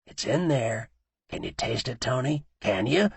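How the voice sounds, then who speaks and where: A man voicing a cold, cruel male mob boss who taunts in a low voice that he rarely raises. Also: expressive, unhurried, gravelly, husky, no room sound, full character voice. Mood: menacing.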